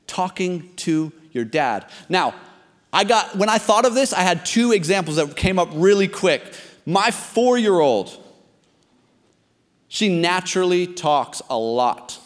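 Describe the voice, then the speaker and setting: A man's voice: high voice, animated, measured pace. A pastor in his thirties preaching a sermon, talking conversationally and then pressing his point with emphasis. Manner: conversational and emphatic, rising to exhortation. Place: church hall. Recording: long reverb of a large hall.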